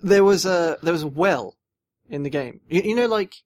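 A man's voice: high-pitched, animated, moderate pace, darkish tone. A young man chats casually on a podcast. He tells long, rambling stories and keeps restarting his sentences as he goes. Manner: rambling storyteller, many restarts and fillers. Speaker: podcast co-host. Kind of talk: casual chat.

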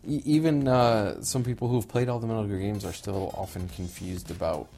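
A man's voice: on the low side, steady tone, normal speed, dark tone, faint music behind. A man speaking thoughtfully in a casual video game chat, often starting sentences twice.

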